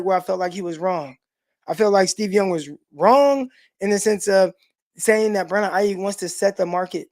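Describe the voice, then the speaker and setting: A man's voice: high-pitched, darkish tone. A middle-aged man hosting a sports livestream, chatting casually and answering viewer comments in a loose, laid-back way with many fillers. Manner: talks straight to the live chat and reads out viewer comments. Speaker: sports show host.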